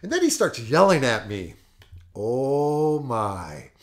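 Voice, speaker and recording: Animated man telling a story. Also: mid-range voice, takes it slowly. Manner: animated, emphatic, laughs often. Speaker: podcast host and fitness coach. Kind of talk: casual storytelling.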